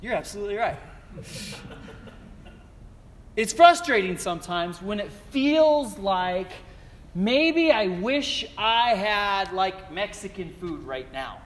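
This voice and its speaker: Pastor, man with a high voice, chatty storytelling sermon. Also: sing-song, slow pace, in a large hall. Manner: conversational storytelling with many fillers.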